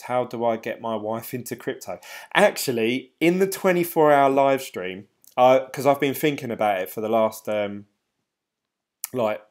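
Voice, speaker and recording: A middle-aged Englishman with a medium-pitched voice chats casually with viewers on a live stream, rambling and laughing between ums.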